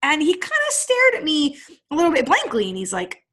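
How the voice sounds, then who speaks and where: Fitness coach lady, kinda high voice, emphatic and energetic, storytelling vlog. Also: a little fast. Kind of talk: motivational vlog talk.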